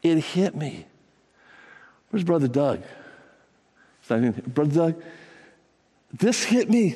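A man's voice: on the high side, big pitch swings, slow pace, pauses often, warm tone, breathy edge, long reverb tail. A man preaching a sermon to his congregation, talking conversationally and building to fervent emphasis. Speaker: pastor.

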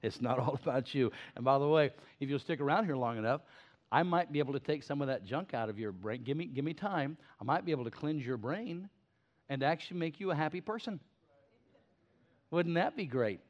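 An older man preaching a sermon to his church in a folksy, animated way, full of stammered restarts. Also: on the high side, a little fast. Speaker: pastor. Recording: slightly muffled sermon recording.

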